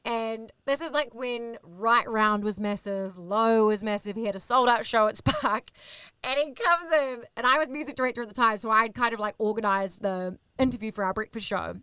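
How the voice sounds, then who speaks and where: A woman in her thirties with a New Zealand accent, a radio host telling animated, sweary backstage stories in casual chat. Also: fairly high pitch, normal speed, smooth, dry recording, studio quality. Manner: animated, swears, acts out others in quoted voices. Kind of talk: casual storytelling.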